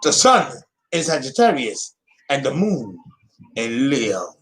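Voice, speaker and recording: A man's voice: mid-range voice, sing-song, slow, a bit bright. A man hosting an astrology channel, talking casually and theatrically, often exclaiming and laughing at himself. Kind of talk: casual solo astrology talk.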